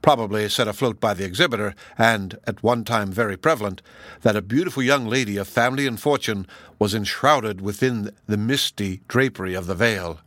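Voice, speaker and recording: A man's voice: lowish voice, brisk, fairly bright tone, no room sound. Man reading an old novel aloud. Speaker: audiobook reader. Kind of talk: audiobook narration of a classic novel.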